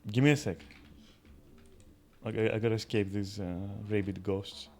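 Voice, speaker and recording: A streamer with a fairly low, slightly mellow voice casually narrates his video game play at normal speed, with fairly even intonation. He jokes crudely and swears often, while faint game music plays behind him.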